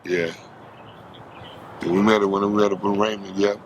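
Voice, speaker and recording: A man's voice: lowish voice, level tone, moderate pace, slight background noise. A man from Los Angeles telling stories in an interview, heavy with street slang. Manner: street slang, acts out quoted voices. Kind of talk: storytelling interview.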